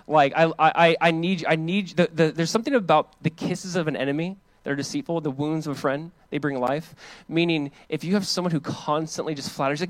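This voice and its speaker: A man preaching a sermon as pastor, casual and animated, acting out the voices of the people in the passage. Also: a little high, fairly quick, no echo. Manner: animated, acts out quoted voices; casual preaching with many fillers.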